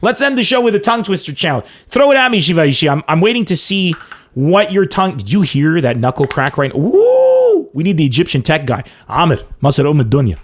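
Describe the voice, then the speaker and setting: A man hosting a casual live-streamed comedy podcast, chatting excitably, laughing often and reading viewer comments aloud. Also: fairly high pitch, quick pace. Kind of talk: casual livestream chat with callers and chat.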